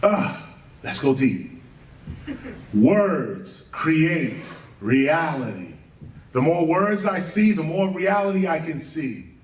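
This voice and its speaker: Give me a man preaching slowly in a high, sing-song voice, spelling out words and asking question after question. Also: distant mic. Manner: fires rhetorical questions and spells words out letter by letter; animated, often breaks into laughter mid-sentence. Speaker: live stream speaker. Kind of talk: impassioned spoken lecture. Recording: echoey room, voice set back from the mic.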